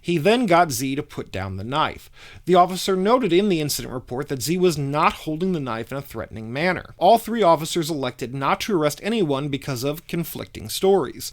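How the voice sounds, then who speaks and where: Guy narrating a news story, formal and measured, pitch rises and falls a lot, a bit high.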